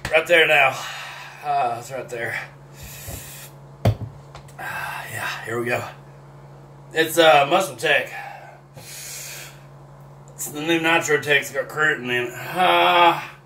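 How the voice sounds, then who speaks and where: A man talks casually to the camera with a bright, forceful voice, drawling, swearing and groaning as hot sauce burns his mouth. He speaks slowly and sweats through it. Faint background noise sits under his voice. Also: on the high side. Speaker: vlogger eating hot sauce. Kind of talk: casual self-filmed vlog.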